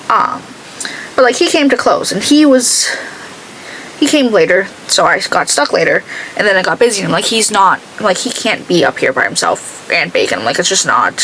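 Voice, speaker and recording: A woman's voice: medium pitch, fairly bright tone, a little hiss or hum, low-quality recording. A young woman chatting casually while doing her makeup, rambling through a story and quoting herself with lots of "I'm like.". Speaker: beauty vlogger.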